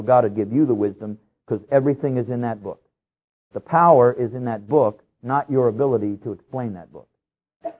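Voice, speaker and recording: A man preaching a sermon as a pastor, earnest and rising to loud pleading passages. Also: mid-range voice, slightly rough. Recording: tinny phone-like radio broadcast.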